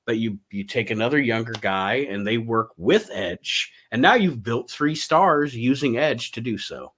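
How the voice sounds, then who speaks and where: A man's voice: mid-range voice, lively intonation, unhurried, fairly bright tone. A man with an ordinary mid-range voice talks through wrestling matches in a chatty, agreeable way. He tells little stories as he goes and agrees easily with his co-host. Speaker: podcast co-host. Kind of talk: casual wrestling recap.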